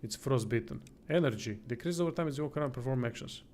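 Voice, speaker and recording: A man's voice: mid-range voice, fast, darkish tone, a little hiss or hum. A tired man streaming, casually reading a text game aloud, swearing now and then and stumbling over words. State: tired, yawning.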